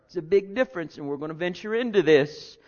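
Guy preaching a sermon, kinda high voice, goes loud then real quiet, dull lo-fi sound. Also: expressive, quick pace. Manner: dramatic, swings from loud to near-whisper.

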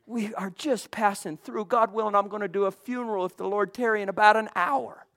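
A pastor delivering a fervent sermon. The delivery rises to loud, ringing exclamations and sinks to hushed near-whispers, with words repeated over and over for emphasis. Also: medium pitch, fairly even intonation, brisk. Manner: impassioned, swinging from loud exclamations to hushed asides.

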